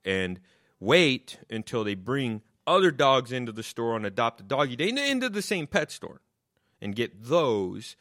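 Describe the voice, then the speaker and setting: A man's voice: fairly low pitch, fairly bright tone. A man delivering a profane, mocking comic rant, swearing constantly and hammering the same insults. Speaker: comedian.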